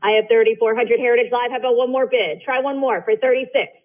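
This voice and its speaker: A woman calling bids at a live auction, brisk and insistent, with cheerful asides between lots. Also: fairly high pitch, steady tone. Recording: tinny phone-like livestream audio.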